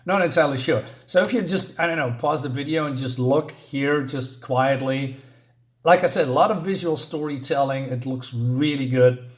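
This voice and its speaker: A man walks through a comic book in a casual review, in an ordinary mid-range voice. He rambles and halts, often breaking off to restart his sentences. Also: mid-range voice. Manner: halting, rambling, many restarts.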